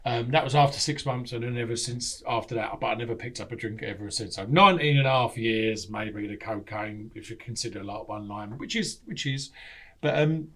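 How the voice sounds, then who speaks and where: A middle-aged man, a podcast guest telling candid stories, animated and swearing freely, acting out what people said. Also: mid-range voice, a little fast. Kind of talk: candid storytelling.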